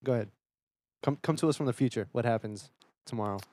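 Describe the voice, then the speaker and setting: A man co-hosting a podcast, bantering loudly with laughs and swearing. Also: medium pitch, fast. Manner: loud, laughing, rambling banter with profanity. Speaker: podcast co-host. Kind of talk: casual chat.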